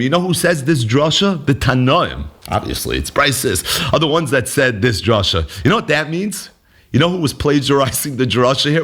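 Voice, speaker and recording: A man teaching a daily Talmud lesson, animated, often laughing and jumping up in pitch to act out quotes.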